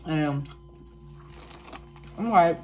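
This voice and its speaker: A woman in her twenties telling a casual storytime, animated and profane, acting out quotes. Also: low voice, drawn-out words, a little hiss or hum. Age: 20s. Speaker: vlogger.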